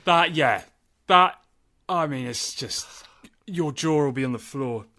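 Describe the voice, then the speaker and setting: A man's voice: a little high, takes it slowly, sharp tone. Chatty man co-hosting a film podcast. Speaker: podcast co-host. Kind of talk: casual chat.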